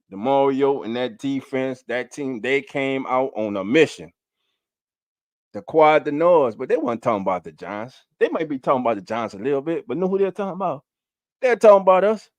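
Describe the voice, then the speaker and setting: A man's voice: medium pitch, normal speed. A man hosts a casual livestream from a home setup, speaking with a mid-range voice. He hammers his points by repeating them and greets viewers in the chat. The sound is dry and close, with no room echo. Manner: emphatic, repeats key lines; hands out shout-outs to chat. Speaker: fan show host.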